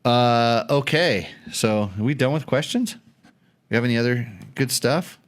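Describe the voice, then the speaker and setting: A man's voice: mid-range voice, unhurried. A man hosting a casual tech chat show, rambling and joking as he thinks aloud with lots of fillers. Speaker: show host.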